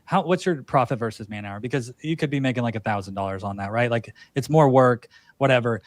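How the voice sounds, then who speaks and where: A man's voice: medium pitch, fast talker. A man hosting a casual podcast chat, teasing his guest and giving practical business advice. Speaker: podcast host.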